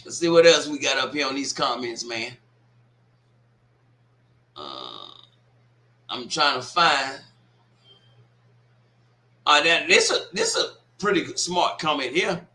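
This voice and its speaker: A man's voice: medium pitch, wildly swooping pitch, takes it slowly, pauses often, sharp tone. A man hosting a sports watch party livestream, reading comments aloud and scolding a troll with laughs and swearing. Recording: echoey room.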